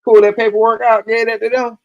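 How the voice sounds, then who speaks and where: A man's voice: extremely high pitch, brisk, dull audio. A man telling a personal story in casual, profane talk on a live stream, acting out the lines of the people in it. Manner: profane, animated, acts out quoted dialogue.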